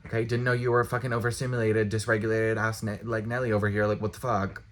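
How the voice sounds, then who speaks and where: A man's voice: lowish voice, little pitch movement, a little hiss or hum. A young man ranting casually to camera, exasperated, blunt and profane. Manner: exasperated, blunt, profane, talks with quick bursts. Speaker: vlogger.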